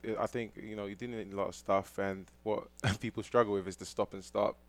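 A man's voice: on the low side, steady tone, brisk. A young man from London with a London accent, chatting casually as an interview guest, laid-back and laughing often. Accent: London English. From London, England. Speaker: football player guest.

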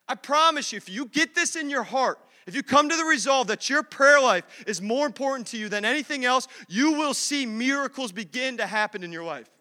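Fervent male pastor, very high voice, sermon in a reverberant church. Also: lively intonation, brisk, few pauses, sharp tone. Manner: fervent, conversational, repetitive emphasis. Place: church sanctuary. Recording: long church-hall reverb.

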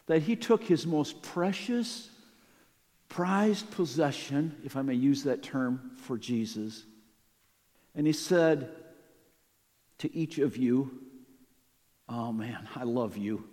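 A man delivers a sermon with animated emphasis, his voice sitting a little high. He acts out the quoted lines as he preaches. A long hall reverb trails behind his voice. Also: slow pace, long pauses. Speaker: pastor.

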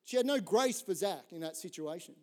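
A middle-aged man preaching a sermon in an animated, conversational way, telling a story and often checking in with "right?". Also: sits high, fairly quick. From Australia. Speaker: pastor.

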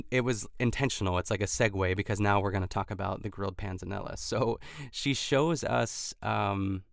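A man with a low voice talks over a close, dry podcast mic. His tone is smooth but gravelly, with frequent fry. He chats casually, packing his sentences with "like" and restarts. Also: no room sound. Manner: chatty, lots of "like" fillers and restarts. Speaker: podcast host. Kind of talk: casual recap chat.

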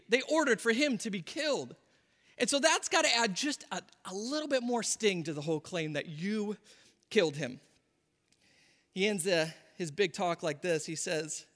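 Animated male pastor in a reverberant hall. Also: sits high. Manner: animated storytelling, acts out voices with laughs. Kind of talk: sermon. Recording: long reverb of a large hall.

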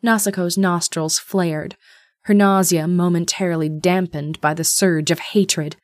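Woman reading a fantasy book aloud, lowish voice, dry close mic. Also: fairly even intonation, a little slow, no room sound. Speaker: narrator. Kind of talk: audiobook narration.

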